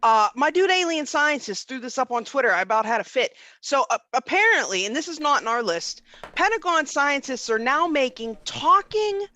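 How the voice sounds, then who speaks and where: Lively high-voiced woman co-host. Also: normal speed, no echo. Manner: animated, slangy, excitable. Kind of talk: casual live-stream chat.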